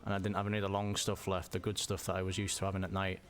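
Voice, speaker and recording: A man telling a personal story in a halting way, often repeating words and restarting. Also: low-pitched, monotone. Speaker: vlogger.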